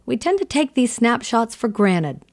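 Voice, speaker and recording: A woman radio host presenting a news feature in a smooth, even scripted delivery. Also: a little high, moderate pace.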